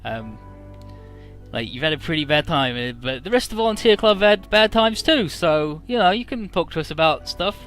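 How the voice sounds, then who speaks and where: A man voicing a blunt but caring young woman team leader in a game recap, speaking earnestly and fast. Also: fairly high pitch, expressive, fairly bright tone, soft background music.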